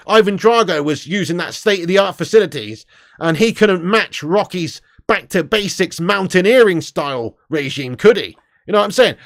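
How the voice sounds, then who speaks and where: A man's voice: high voice, no echo, studio quality. A man hosting a casual live stream, chatting and laughing as he reads viewer comments aloud. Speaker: live stream host reading chat.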